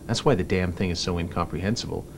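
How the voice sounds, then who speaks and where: A man's voice: low voice, fast talker, gravelly, a little hiss or hum. A man as a film producer in a mockumentary interview, ranting and sarcastic, swearing freely. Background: music.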